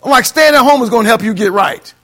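A male pastor preaches a sermon in an extremely high, bright, forceful voice at a fast pace, with soft music in the background. He quotes scripture, calls for amens in call-and-response style, and mocks excuses by putting on voices.

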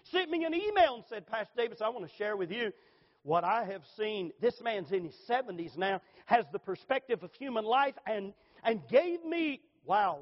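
A middle-aged male pastor preaching a sermon with an altar call, fervent and emphatic, dropping to a hush for the invitation. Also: extremely high pitch. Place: church sanctuary. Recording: long hall reverb, dull lo-fi sound.

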